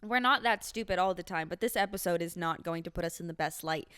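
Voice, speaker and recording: Smooth-voiced young woman co-hosting a podcast. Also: fairly low pitch, quick pace, fairly bright tone. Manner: chatty, self-mocking, laughs often. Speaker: podcast co-host. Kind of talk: casual chat.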